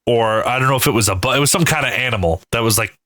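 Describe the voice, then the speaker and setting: A man co-hosting a casual comedy podcast, telling stories in an animated way with lots of swearing and acted-out screams. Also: medium pitch, racing, no room sound, poor audio. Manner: animated storyteller, heavy swearing, acts out screams. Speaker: podcast co-host.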